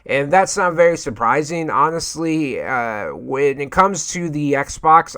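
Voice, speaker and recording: A man hosting a gaming channel, chatting casually and reading an article aloud, pausing often with "uh". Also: on the high side, sharp tone, smooth. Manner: hesitant, fills pauses with many "uh"s.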